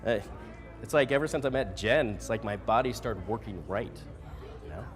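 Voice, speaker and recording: A man's voice: lowish voice, animated, moderate pace, faint music behind. A man acting in a comedy sketch, talking in a sheepish, awkward way. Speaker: sketch actor.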